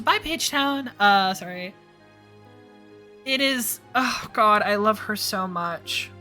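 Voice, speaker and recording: A woman's voice: medium pitch, bright, forceful tone. A young woman streamer giving gushing, emotional commentary on a story game. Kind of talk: let's-play commentary. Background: faint lo-fi background music.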